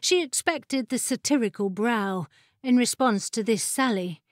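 A woman narrating a fantasy audiobook in a measured, expressive storytelling voice, on a close studio mic. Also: fairly high pitch, no room sound.

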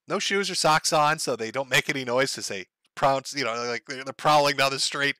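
A man's voice: medium pitch, normal speed, hardly any pauses, sharp tone, dry recording. A man hosting a show, giving crude, sarcastic commentary on online posts. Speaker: show host.

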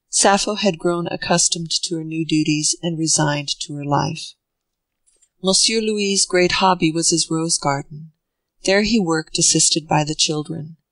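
A narrator reading a classic novel aloud in a measured, even way. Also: medium pitch, no echo, low-quality recording. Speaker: audiobook narrator. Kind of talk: scripted narration.

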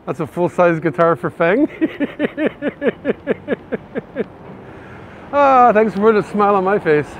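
A man's voice: high voice, fairly quick, hardly any pauses. Chatty Canadian man on a city walk. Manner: chatty, excitable, frequent "eh". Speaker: vlogger. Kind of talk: casual walking tour narration. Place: city streets outdoors. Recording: faint outdoor street noise. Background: faint traffic and street noise.

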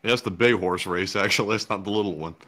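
A man's voice: fairly low pitch, fast talker, a bit bright. A man co-hosting a show, chatting casually and making dry jokes, laughing at himself. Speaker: co-host. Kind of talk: casual banter on a live show.

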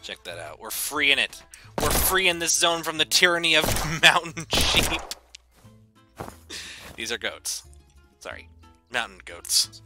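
A man giving goofy, excitable gameplay commentary, breaking into shouted bits. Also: fairly high pitch, slow, pauses often. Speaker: gaming YouTuber. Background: game music.

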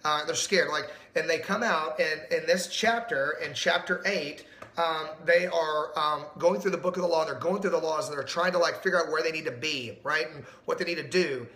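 Male pastor, middle-aged, high bright voice, emphatic sermon delivery, echoey room. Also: moderate pace. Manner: animated, emphatic, asks the audience questions.

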